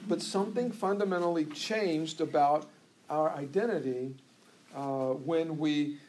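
A man's voice: fairly high pitch, a little slow, a little mellow, a little hiss or hum. A pastor preaching a conversational sermon to his church, with frequent restarts and asides.

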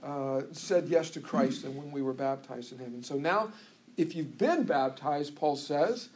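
A man's voice: on the high side, measured pace, darkish tone. A pastor preaching a conversational sermon to his church, with frequent restarts and asides.

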